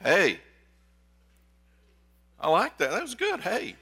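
A man with a bright, slightly high voice delivers a conversational sermon, swinging between quiet asides and excited outbursts. He talks to the congregation directly, calling them folks. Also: unhurried. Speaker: pastor. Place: church sanctuary.

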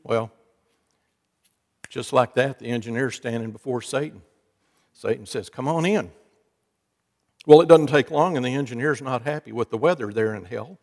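A man's voice: medium pitch, normal speed, long pauses, a little mellow. A man preaching a sermon, telling folksy jokes and stories with wry asides to his congregation. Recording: long hall reverb.

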